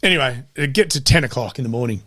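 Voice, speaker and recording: A man's voice: mid-range voice, animated, quick pace, fairly bright tone, no room sound, clean studio sound. A middle-aged man with an Australian accent, an interview guest casually telling family stories, swearing freely and acting out what his family said. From country Victoria, Australia. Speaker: interview guest, amateur boxer. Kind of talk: casual storytelling.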